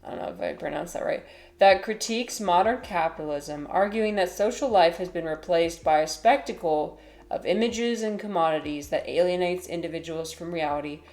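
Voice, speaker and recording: A woman livestreaming in casual chat, rambling and hesitant with many fillers and restarts, now and then cooing softly to her cat. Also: on the low side, moderate pace. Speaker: livestreamer and teacher.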